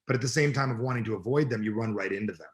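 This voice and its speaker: A man's voice: on the low side, very fast. A middle-aged man, a personal development coach, talking bluntly and emphatically in an interview. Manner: emphatic, blunt, swears freely. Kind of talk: energetic interview talk.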